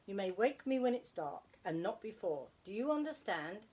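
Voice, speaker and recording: A woman's voice: medium pitch, big pitch swings, moderate pace, darkish tone, a little hiss or hum, voice pushed up, lightly acted. A woman voicing a grumpy, sleepy father barn owl who grumbles and blusters.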